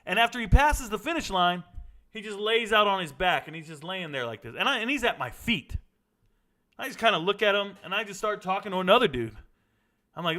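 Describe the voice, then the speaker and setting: A middle-aged man casually telling a blunt, animated story as host, cursing now and then. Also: sits high, a little fast.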